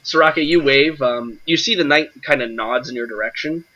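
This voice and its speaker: A man narrating a tabletop game as game master, halting, with many fillers. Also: medium pitch, pushed and bright, lo-fi sound.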